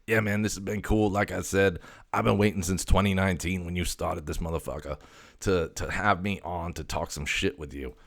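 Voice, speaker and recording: A man voicing his crude, boastful male house cat, cursing and mumbling with halting pauses. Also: deep voice, fairly even intonation, vocal fry, a bit bright, exaggerated voice. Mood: cocky. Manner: foul-mouthed, cocky, mumbling and halting.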